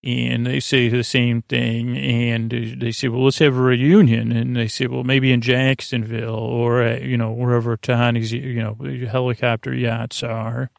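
A man with a rough, creaky texture recaps a TV episode for a sleep podcast. His pitch barely moves, and his voice sounds close and dry. He rambles and hesitates, filling gaps with pauses. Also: level tone, no echo. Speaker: podcast host.

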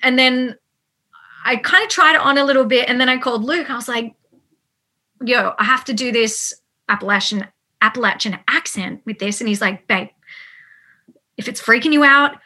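Woman, interview guest, lively storytelling, lots of fillers, crisp bright tone. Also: high-pitched, moderate pace, long pauses. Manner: animated, lots of fillers and quoted asides. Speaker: actor guest.

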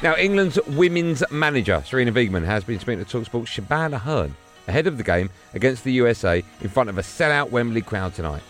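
A man hosting a sports podcast, brisk and jokey. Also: mid-range voice, expressive, faint music behind. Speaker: podcast host.

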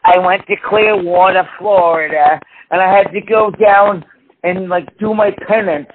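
Swearing, animated man on a tinny line. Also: high voice, unhurried. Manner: animated storyteller, swears a lot, acts out quotes. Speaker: podcast co-host. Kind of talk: casual profane chat. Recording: tinny phone-like sound with faint hiss.

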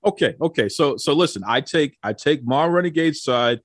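Lively-voiced joking male podcast host. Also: a little high, moderate pace, no echo. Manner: joking, teasing, repeats words. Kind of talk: casual chat.

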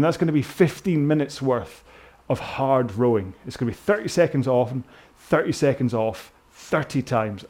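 A man's voice: mid-range voice, a little mellow. A British man coaching a rowing workout indoors, chatting in a rambling, self-mocking way with jokey asides. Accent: British English.

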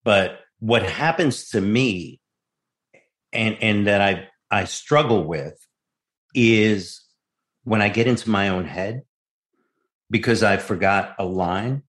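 Man telling a lively acting story. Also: lowish voice, slow pace, long pauses. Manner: animated storyteller, acts out voices. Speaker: actor guest. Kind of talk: casual anecdote.

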